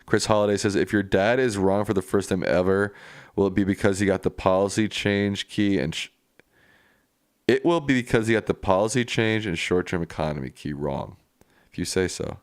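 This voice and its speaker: A man's voice: lowish voice, moderate pace, dry recording, clean studio sound. A man hosting a live stream, reading viewer comments aloud and answering them in a casual, plainspoken way.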